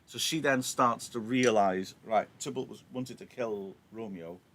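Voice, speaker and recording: A man's voice: lowish voice, measured pace, a bit bright. A male teacher giving a live lesson, explaining a play in a chatty way with self-mocking jokes.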